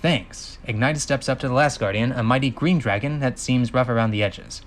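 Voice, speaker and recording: A man's voice: mid-range voice, quick pace. Man reading a script with sarcastic asides. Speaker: channel host reading a script.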